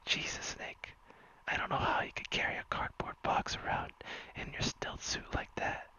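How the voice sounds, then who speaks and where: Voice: moderate pace, sharp tone, natural voice, rough recording. A streamer whispering as an exasperated commander, whispered role-play. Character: exasperated male commander on the radio.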